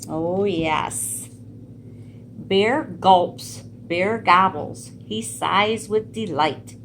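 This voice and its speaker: A woman reading a picture book aloud to children, pausing to ask gentle questions about the pictures. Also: medium pitch, slight background noise. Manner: gentle, asks listeners questions. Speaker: storyteller.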